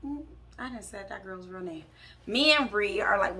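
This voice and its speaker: Sassy young woman with a gravelly edge. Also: mid-range voice, a little slow, bright, forceful tone. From Pittsburgh. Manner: candid, sassy storytelling, addresses viewers as y'all. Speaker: vlogger. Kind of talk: storytime vlog.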